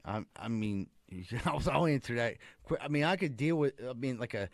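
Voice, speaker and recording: A man's voice: mid-range voice, animated, moderate pace, no echo, clean studio sound. A man hosting a casual podcast, joking around loosely and laughing often. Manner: laughs a lot, loose and crude. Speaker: podcast host.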